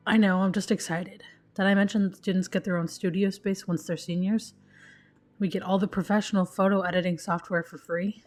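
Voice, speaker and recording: A woman voicing an excited young adult daughter in a dating game, talking fast and bubbly. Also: mid-range voice, soft background music, close to an everyday voice.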